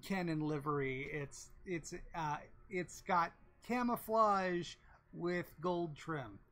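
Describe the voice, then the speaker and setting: Woman game master, slow, hesitant narration with lots of restarts, lowish voice. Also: a bit bright. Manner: halting, full of fillers and restarts.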